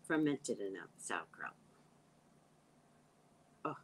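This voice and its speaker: A woman's voice: very deep voice, sing-song, slow, slight background noise, rough recording. A woman hosting a casual livestream, reading viewer comments aloud and reacting in a chatty way, sometimes dropping to a whisper. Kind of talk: casual live chat.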